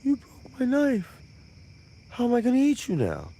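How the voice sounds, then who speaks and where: A man's voice: very high-pitched, wildly swooping pitch, moderate pace, mellow, a little hiss or hum, voice pushed up, exaggerated voice. A man voicing an old male cannibal with flapping skin, who turns menacing and whiny by turns.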